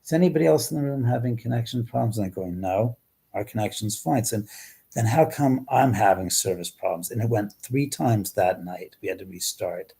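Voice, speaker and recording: A middle-aged man hosting a live stream, chatting casually with viewers and reading their comments, animated, with frequent swearing and trailing restarts. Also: lowish voice, fairly quick, vocal fry, breathy edge. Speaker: livestream host.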